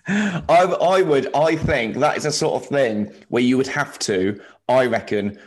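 Comedian bloke, dry jokey storytelling, easygoing chat. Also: male voice, mid-range voice, unhurried. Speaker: comedian and podcast co-host. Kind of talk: casual chat.

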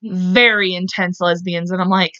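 A woman's voice: on the low side, fairly even intonation, normal speed, sharp tone, no room sound. Woman podcast host, casual swearing storyteller, dry dull-sounding mic. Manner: chatty, swearing, laughing asides.

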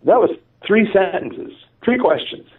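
Animated storytelling man on a tinny line. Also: high voice, a little slow. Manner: animated, laughing, many fillers and restarts. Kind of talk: casual storytelling in conversation. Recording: distant, tinny phone-like audio.

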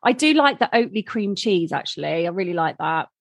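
A woman's voice: fairly low pitch, very animated, brisk, gravelly, no echo, studio quality. A woman co-hosting a podcast, chatty and giggly in casual conversation. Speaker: podcast co-host. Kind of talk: casual chat.

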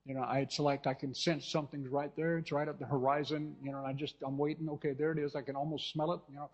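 A pastor from California delivers a fervent sermon in a slightly higher-than-usual man's voice, repeating phrases and breaking off to check in with his listeners. The sound is a dull, lo-fi recording. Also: little pitch movement, quick pace. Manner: fervent, repetitive preaching with restarts and asides to the congregation.

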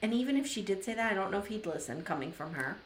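A woman's voice: medium pitch, expressive, racing, slight background noise. Emphatic woman co-host in a roomy space. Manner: thoughtful and emphatic, restarts to find words. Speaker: podcast co-host. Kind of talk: casual chat recapping a TV episode. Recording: roomy echo.

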